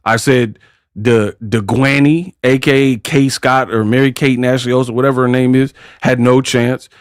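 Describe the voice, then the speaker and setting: A man's voice: medium pitch, fairly even intonation, moderate pace, clean tone, no room sound, studio quality. A man hosting a casual boxing commentary vlog, talking in brash, slangy trash talk. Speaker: boxing commentary channel host.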